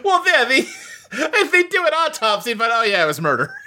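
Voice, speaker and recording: A man's voice: very high-pitched, huge pitch swings, normal speed, sharp tone. A man co-hosting a casual podcast chat, laughing often and slipping into mock British accents. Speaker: podcast co-host.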